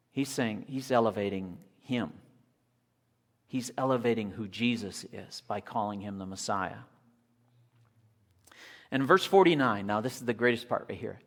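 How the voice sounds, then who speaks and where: A man preaching a sermon with animated storytelling, acting out the scenes, recorded in an echoey church hall. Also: medium pitch, unhurried, long pauses.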